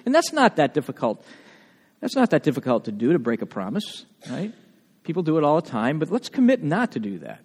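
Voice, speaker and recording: A man with a New England accent, a pastor preaching a sermon in a lively, conversational way, full of rhetorical questions. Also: fairly high pitch. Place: church sanctuary. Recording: long church reverb.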